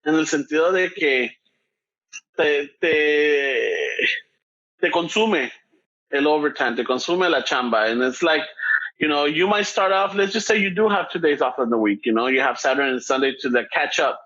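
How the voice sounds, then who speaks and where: A man's voice: fairly high pitch, lively intonation, moderate pace, a bit bright. A man with a Chicano English accent, co-hosting a casual podcast conversation. He talks in a rambling, reflective way over a video call, slipping between Spanish and English. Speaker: podcast co-host. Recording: dull lo-fi video call audio.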